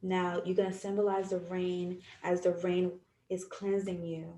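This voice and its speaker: A young adult woman podcast host who leads a guided visualization with slow, soothing, drawn-out phrasing. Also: on the low side, flat delivery, warm tone. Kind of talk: guided visualization and reflective talk. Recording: roomy echo.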